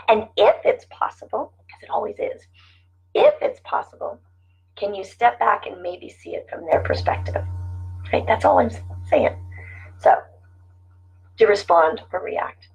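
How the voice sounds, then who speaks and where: A woman's voice: medium pitch, gravelly, slightly rough. A middle-aged woman giving casual, earnest life-coaching talk to her viewers, often repeating her phrases. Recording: dull lo-fi sound.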